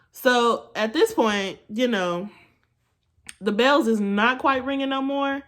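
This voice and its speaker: A young woman chatting through a storytime while doing her makeup, with animated asides to her viewers, recorded on a phone at home. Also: a little high, slow pace. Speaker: beauty vlogger. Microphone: phone camera.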